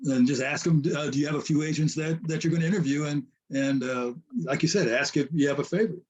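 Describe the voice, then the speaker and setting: A man's voice: fairly high pitch, fairly even intonation, fast talker, darkish tone, breathy edge. A man in a coaching group, tentative, thinking aloud as he talks. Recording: dull lo-fi audio.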